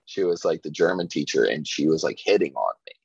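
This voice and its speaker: A man's voice: rumbling low, animated, brisk, vocal fry, breathy edge, dry recording, highs cut off. A man from Virginia in his forties, a podcast guest telling stories in a laid-back way, full of "like" and "you know". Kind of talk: casual chat.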